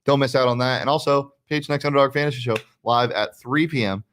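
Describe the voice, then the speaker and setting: Fast-talking sports betting show host, male. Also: medium pitch, a bit bright. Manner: fast, chatty, with restarts and fillers. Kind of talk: casual sports betting chat.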